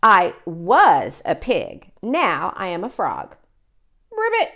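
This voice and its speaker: A woman's voice: fairly low pitch, huge pitch swings, slow, fairly bright tone, pitched below the performer's own voice, full character voice. A woman reading aloud, voicing a cheerful, playful young female pig who explains things confidently. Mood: patient. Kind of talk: picture book read-aloud.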